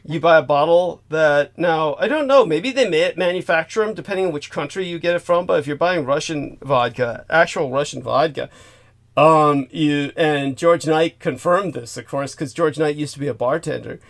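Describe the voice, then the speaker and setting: A man's voice: fairly high pitch, normal speed, creaky. A man hosting a casual talk show, telling long rambling stories with many restarts. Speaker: podcast host. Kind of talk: casual chat.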